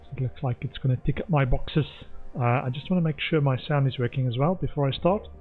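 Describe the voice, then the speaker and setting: A man of middle pitch talks casually through a video game stream. He thinks out loud and reads the game's prompts as he goes. Faint music sits in the background. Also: fast, narrow, tinny audio. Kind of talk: casual gameplay commentary.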